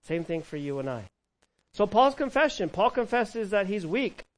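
A man preaching a sermon who asks the congregation questions and acts out prayers and quotes, swinging from loud cries to hushed words. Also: high voice, very animated, moderate pace, low-quality recording. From California. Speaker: pastor.

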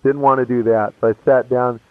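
Casual and animated, a man tells his conversion story as a testimony and does every person's voice himself. He speaks fairly quickly at a medium pitch, and the recording is tinny, phone-like and dry with no echo.

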